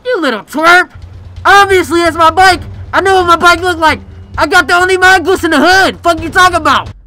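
Dude doing a hothead hood guy, high bright voice, cussing everybody out. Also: expressive, moderate pace, exaggerated voice. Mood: angry. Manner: cursing, threatening, loud. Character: hot-tempered young male street tough.

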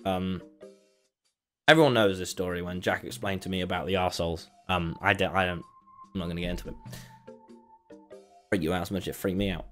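A man's voice: deep voice, steady tone, fairly quick, pauses often, soft background music. A man casually telling a story, rambling and breaking off with laughter. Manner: rambling, self-interrupting, laughing. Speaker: streamer.

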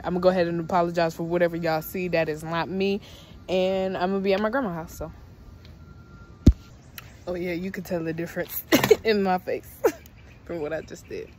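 A young woman vlogging casually to her viewers, chatty and slangy, calling them y'all and switching to high coaxing talk with her dogs. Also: steady tone, normal speed, pauses often, a little mellow, a little hiss or hum, poor audio. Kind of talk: casual vlog chat to viewers. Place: home and car, partly outdoors.

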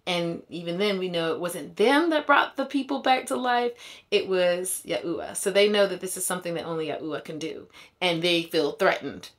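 A woman's voice: on the low side, moderate pace. A woman giving a casual Bible retelling, paraphrasing in slangy everyday speech with conversational asides and frequent laughter. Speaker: Bible teacher.

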